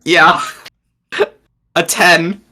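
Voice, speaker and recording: A woman's voice: on the low side, fairly even intonation, very slow, bright, forceful tone. A woman playing a tabletop game, giggly and jokey. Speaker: player.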